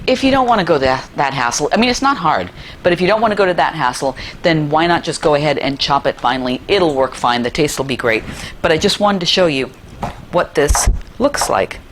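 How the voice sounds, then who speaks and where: A middle-aged woman with a slightly low voice walks viewers through a recipe in her kitchen. She is chatty and enthusiastic, tossing in playful asides, with a faint hiss of noise behind her. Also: lively intonation, a little fast. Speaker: cooking show host. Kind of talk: cooking demonstration.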